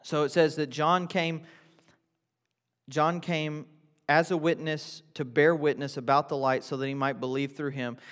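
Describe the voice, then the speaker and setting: A man delivers a sermon in a conversational style, firing off rhetorical questions and then hammering points home through repetition. His voice sits a little high for a man. The sound carries the long reverb of a big church hall. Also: little pitch movement, a little slow, fairly bright tone. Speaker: pastor.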